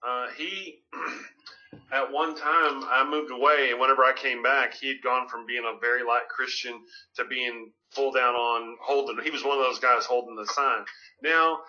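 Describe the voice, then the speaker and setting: Man with a sharp, bright voice hosting. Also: medium pitch, normal speed. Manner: relaxed, conversational, with short reactions. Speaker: interview host. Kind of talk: casual interview chat. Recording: lo-fi, dull sound.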